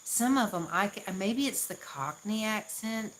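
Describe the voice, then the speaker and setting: Slow-talking Southern woman streamer. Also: medium pitch, expressive, a bit bright, slight background noise, rough recording. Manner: laughs often, chatty and self-deprecating. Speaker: livestream host. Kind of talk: casual live-stream chat.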